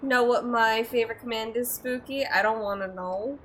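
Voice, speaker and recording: A woman's voice: on the high side, normal speed, a bit bright, slight background noise, rough recording. A young woman streamer chatting and laughing as she plays a video game live at her desk mic. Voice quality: giggly, chatty. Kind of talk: live gameplay commentary.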